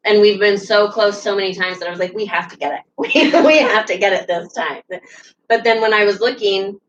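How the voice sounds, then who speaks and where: A woman who won a treasure hunt, casually telling how she found it, animated and laughing often. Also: medium pitch, a little fast, slight background noise. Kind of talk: casual recounting of an adventure. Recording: distant, dull lo-fi sound.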